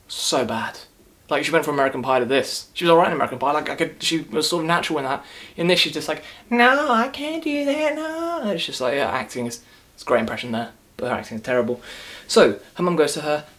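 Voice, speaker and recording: A man rants his way through a movie review in a casual, mocking tone. He rambles, doubles back and restarts his sentences, with a voice of ordinary pitch for a man. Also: quick pace, a bit bright.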